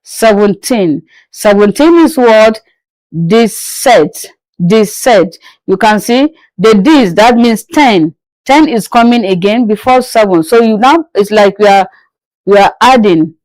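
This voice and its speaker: In a rough, echo-free recording, a woman with a mid-range, darkish, expressive voice teaches French pronunciation at a slow pace. She drills each word several times, patiently answers her own questions, and encourages learners to listen closely.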